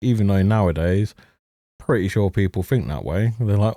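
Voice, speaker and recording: A man's voice: lowish voice, moderate pace, warm tone, dry recording, studio quality. A man ranting sarcastically about a show as a reviewer, swearing heavily and breaking into mocking laughs. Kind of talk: ranting commentary over a show.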